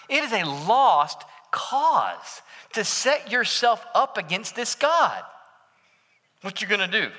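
A man preaching a sermon as pastor, swinging between bold declarations and hushed near-whispers. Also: sits high, long reverb tail. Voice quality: dramatic shifts between loud declaration and soft near-whisper.

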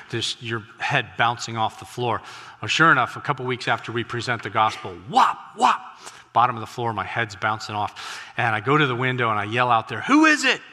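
Male missionary preacher, lower register, sermon storytelling with sudden loud bursts, echoing sanctuary. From United States. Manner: animated, breaks into loud exclamations. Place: church sanctuary. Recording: reverberant church hall.

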